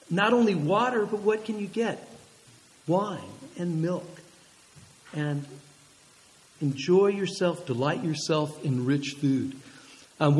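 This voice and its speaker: A man preaching a sermon, telling stories with animated energy and throwing questions to the congregation. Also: a little high, in a large hall, rough recording. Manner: lively, animated storytelling with audience questions. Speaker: pastor.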